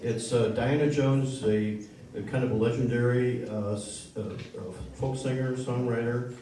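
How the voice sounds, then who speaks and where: A man's voice: medium pitch, fairly even intonation, dark tone, slight background noise. Rambling man hosting a live show. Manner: rambling, halting with many fillers. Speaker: host of a concert series. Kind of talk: joke telling and announcements to a live audience. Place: small concert venue with an audience. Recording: roomy live room recording from far off with crowd.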